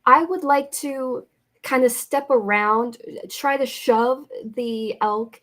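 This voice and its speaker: A woman playing a tabletop game, deliberate and playful as she explains her moves. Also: sits high, fairly bright tone. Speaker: player. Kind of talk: casual tabletop game play.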